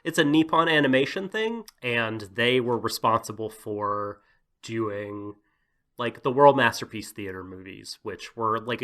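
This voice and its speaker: A man with a bright, forward tone co-hosts a casual podcast. He talks in a thoughtful, hedging way and laughs easily. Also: mid-range voice. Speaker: podcast co-host.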